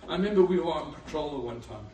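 Animated preacher in an echoey church. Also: male voice, a little high, fast, slight background noise. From Africa. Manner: animated storytelling with laughter. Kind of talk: sermon. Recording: echoey room, far from mic.

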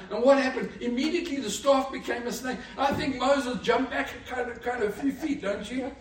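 A man preaching a sermon with animated storytelling, who lives in Africa. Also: extremely high pitch, a little fast, few pauses. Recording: echoey room, far from mic.

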